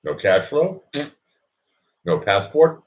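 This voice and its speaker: Hosting his own live show, a man delivers a rambling comic monologue that keeps circling back and starting over, with "look" repeated again and again. His fairly low voice swoops wildly in pitch, he speaks slowly, and the recording is muffled.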